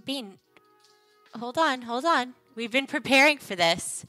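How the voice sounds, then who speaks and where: A woman's voice: sits high, animated, measured pace, pushed and bright, no echo, soft background music. A young adult woman hosting a casual game livestream, chatting playfully and joking with her viewers. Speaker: livestream host.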